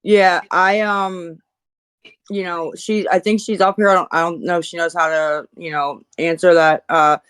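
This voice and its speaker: A voice-call moderator with a middling pitch talks in a halting, filler-heavy way. The words come out in stops and restarts. The recording is dry and close, with no room sound. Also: little pitch movement, fairly bright tone, clean tone, no echo, poor audio. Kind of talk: casual voice chat.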